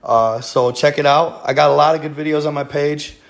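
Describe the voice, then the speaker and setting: Guy rambling on his livestream, lots of ums, kinda gravelly, talks to you guys. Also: a little high, steady tone, moderate pace. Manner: rambling, many fillers, addresses viewers as you guys. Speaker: livestream host. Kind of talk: casual livestream chat.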